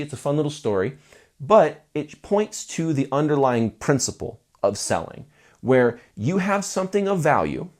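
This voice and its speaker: Lively man coaching musicians. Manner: animated, playful, acts out sales pitches. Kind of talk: casual talking-head advice video.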